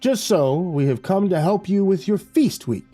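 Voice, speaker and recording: A towering scarred stranger, put on by a male narrator, speaking in a strange accent, his pitch pushed up into a falsely friendly tone. Faint music sits under the horror story. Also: lively intonation, normal speed, mellow. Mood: sly. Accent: strange foreign accent. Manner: raised, sly, falsely friendly voice. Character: towering scarred man, sly and menacing.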